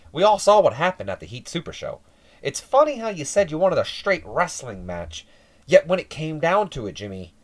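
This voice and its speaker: A man voicing an exasperated, defensive male wrestling general manager who pleads and justifies himself. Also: mid-range voice. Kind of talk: mock wrestling promo.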